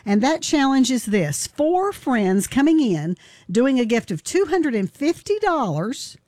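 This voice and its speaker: A woman's voice: high voice, very animated, measured pace, a little mellow, no echo. A woman hosting a radio show in a studio, chatting in a folksy way and laughing easily. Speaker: radio host. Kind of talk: casual on-air chat.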